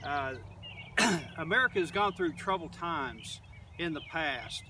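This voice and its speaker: An older man from Oklahoma, a middle school teacher, gives a casual, rambling lesson outdoors in his garden, filling it with many fillers. His voice is fairly high-pitched, animated, and a little slow. The mic is distant, and faint outdoor noise can be heard.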